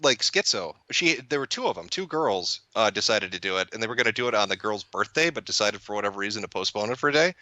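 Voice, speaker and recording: A man talking in a casual chat, blunt, sarcastic and profane, breaking into laughs as he goes. His lowish voice has a forceful, bright edge. The sound is dry and close, with no room around it. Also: animated, fast, few pauses, dry recording. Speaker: podcast guest and commentator.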